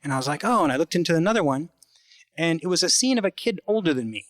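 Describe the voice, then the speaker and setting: A man telling a true story about his own life in a halting, conversational way, acting out the voices he quotes. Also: fairly high pitch, animated, no echo. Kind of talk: live personal storytelling.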